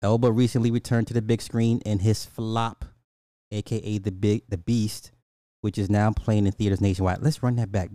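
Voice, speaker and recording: Ranting American man with a dark voice. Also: fairly low pitch, little pitch movement, normal speed, dry recording, studio quality. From United States. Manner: incredulous, repetitive, mocking. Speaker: commentary host. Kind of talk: ranting reaction commentary.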